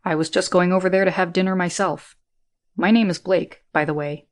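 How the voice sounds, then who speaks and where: Brief: woman narrator reading a suave, low-voiced leading man in an audiobook. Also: fairly even intonation, brisk, natural voice. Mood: confident.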